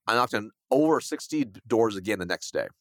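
A man telling a sales story in a lively, fast conversational way, acting out the voices of the people in it. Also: on the low side, dry recording, studio quality. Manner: fast, animated, acts out quoted dialogue. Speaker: guest, sales coach.

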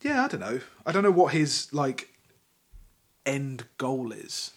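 A man's voice: mid-range voice, very animated, unhurried. A man hosting a podcast, talking in a wry, ranting way with lots of fillers. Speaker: podcast host. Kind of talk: casual chat.

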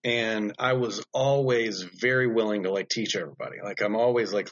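A man who makes knives, telling stories as a podcast guest in a blunt, animated way with lots of fillers. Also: lowish voice, fairly quick, hardly any pauses, muffled recording. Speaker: knife maker guest. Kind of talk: casual podcast storytelling.

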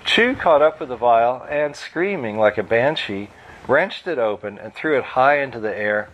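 Brief: male author narrating his book live, steady, mid pitch, faint background noise. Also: moderate pace, muffled recording. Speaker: author reading his novel. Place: bookstore reading event.

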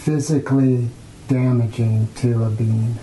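A male interviewer asks curious, probing questions at a brisk clip. His tone is mellow and rounded. The recording carries a roomy echo. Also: medium pitch, fairly even intonation, a little hiss or hum.

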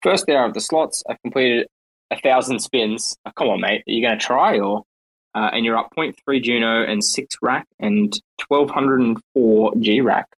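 A man's voice: mid-range voice, normal speed, rough recording. A man co-hosting a casual chat, joking and teasing as he plays along. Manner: joking, teasing, playfully scolding.

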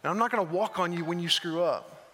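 High-voiced man preaching in a hall. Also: fast, a bit bright, a little hiss or hum. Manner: earnest, emphatic preaching. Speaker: pastor. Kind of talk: sermon. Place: church hall. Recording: long reverb of a large hall.

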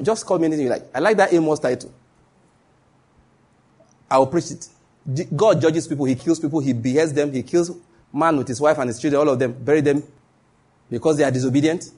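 A Nigerian male pastor preaching a live-streamed sermon, telling stories and repeating key phrases for emphasis, dropping to a hush and then rising. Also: a little high, breathy edge. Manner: dramatic shifts between hushed and raised voice.

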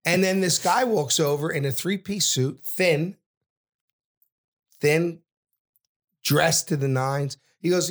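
A man's voice: fairly high pitch, slow, long pauses. Brash middle-aged man. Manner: acts out every character, loud and brash, swears freely. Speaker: podcast guest. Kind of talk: animated storytelling.

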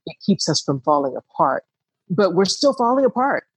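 Candid reflective woman, husky. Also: on the low side, big pitch swings, normal speed, dry recording, low-quality recording. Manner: reflective, candid, rising emphasis. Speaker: podcast co-host. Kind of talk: casual heartfelt conversation.

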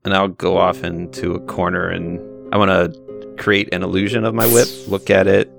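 A man playing a tabletop game, planning aloud in an animated way. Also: low-pitched, creaky. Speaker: player. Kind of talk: casual tabletop play.

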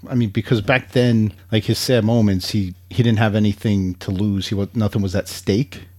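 A man's voice: fairly low pitch, fairly even intonation, moderate pace, a little mellow. A man co-hosting a podcast, chatting casually and rambling with frequent restarts. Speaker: podcast co-host. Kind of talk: casual chat.

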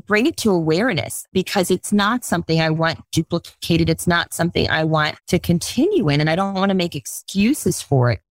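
A middle-aged woman, a life coach, talking as a guest in a podcast interview, at times slow and soothing as she guides breathing, at times earnest and lively as she explains. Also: lowish voice, no room sound, clean studio sound. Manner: earnest, animated storytelling.

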